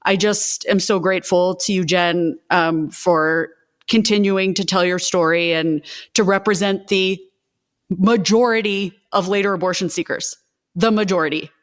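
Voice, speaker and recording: A woman's voice: on the low side, steady tone, unhurried. A woman who co-founded an advocacy group, speaking with passion in a panel conversation, in bursts with many restarts.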